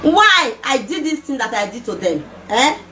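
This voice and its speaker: Ranting emotionally to her camera, this middle-aged Nigerian vlogger uses Nigerian Pidgin English sprinkled with local words, hurling emphatic rhetorical questions. She talks at a normal speed in a high-pitched, sing-song voice, captured in an echoey room with some faint noise.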